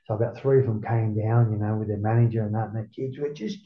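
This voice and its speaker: An Australian man, a former surfer being interviewed, telling stories casually, swearing a lot and jumping up in pitch to act out what people said. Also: fast talker, hardly any pauses, echoey room, dull audio. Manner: animated, swears constantly, acts out quotes in a raised voice. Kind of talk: casual storytelling.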